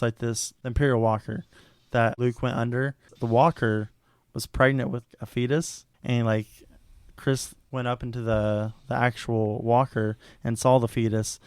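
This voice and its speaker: Excitable young man, smooth and dry. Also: medium pitch, dry recording. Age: young adult. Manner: excitable, laughs often, swears casually. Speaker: podcast host. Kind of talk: casual podcast chat.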